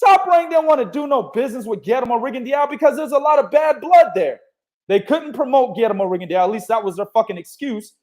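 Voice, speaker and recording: A man's voice: extremely high pitch, animated, fast, darkish tone. A young man hosting a casual boxing talk show, swearing freely and laughing often as he argues his points. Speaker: boxing podcast host.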